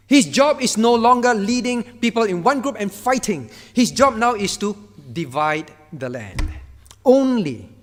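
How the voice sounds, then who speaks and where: A man's voice: sits high, fairly bright tone, in a large hall. A man preaching a sermon as pastor, emphatic and repetitive, stressing key words and acting out divine commands in a firm voice. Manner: acts out God's words in a firm voice. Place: church.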